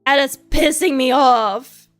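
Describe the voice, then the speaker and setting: High-voiced, slow-talking frustrated young woman. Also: faint music behind. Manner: rambling, frustrated, self-deprecating. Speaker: streamer. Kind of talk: casual chat while drawing.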